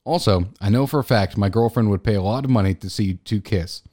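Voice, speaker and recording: A man's voice: lowish voice, quick pace, dark tone. A man co-hosting a casual podcast, dry and blunt, swearing casually. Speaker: podcast co-host. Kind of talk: casual chat.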